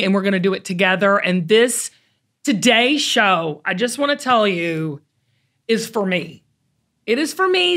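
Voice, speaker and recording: Bright and forceful, this slightly high female voice belongs to a middle-aged talk show host with a Southern US accent. She chats casually, telling folksy tales with drawn-out emphasis.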